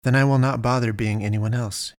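A man voicing a calm, gentle young man in an animal fursuit, speaking softly and unhurriedly. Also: mid-range voice, a little fast, no room sound, studio quality, lightly acted.

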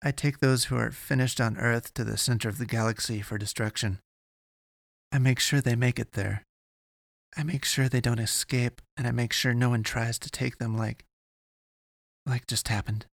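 A woman's voice: very deep voice, steady tone, normal speed, vocal fry, dry recording, clean studio sound, voice pushed up, full character voice. A man reading a story aloud, voicing a stern, guarded young woman who speaks curtly and only grudgingly shows concern.

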